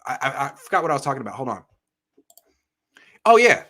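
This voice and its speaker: A man's voice: mid-range voice, expressive, very fast, pushed and bright. A man hosting a sports show, chatting casually and reading viewer comments aloud with blunt, sarcastic remarks. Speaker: sports podcast host.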